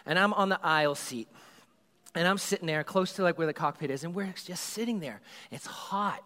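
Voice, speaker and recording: A man, a youth group leader, telling a comedic story in an animated, rambling way and acting out the scenes. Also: on the high side, moderate pace. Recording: reverberant hall.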